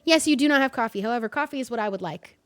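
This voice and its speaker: A woman's voice: on the high side, expressive, rapid-fire, soft background music, natural voice. Woman doing a stiff, weary businessman. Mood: insistent. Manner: stiff, formal, literal-minded. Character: tired, stiff middle-aged businessman.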